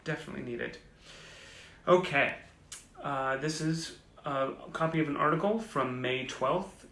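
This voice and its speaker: A man's voice: a little high, unhurried, a bit bright, roomy sound. A man hosting a casual live stream, reading old clippings aloud with wry, self-mocking asides. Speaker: host. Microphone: phone or webcam on a live stream.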